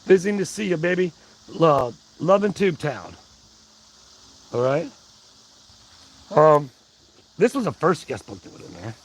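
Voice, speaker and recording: A man's voice: a little high, very animated, unhurried, long pauses, rough recording. A man hosting a casual livestream, rambling in a folksy way and greeting his chat by name. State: out of breath. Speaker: livestream host. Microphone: wireless mic worn on body.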